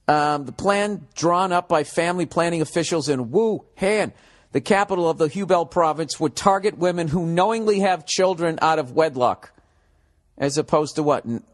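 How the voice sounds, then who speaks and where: A man hosts his own comedy podcast, reading out news items and tearing into them with profane asides. He rambles, stumbles over words and bursts into mock shouting for laughs. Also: fairly high pitch. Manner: profane, riffing, shouting bits in put-on voices. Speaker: podcast host. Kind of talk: solo comedy podcast rant.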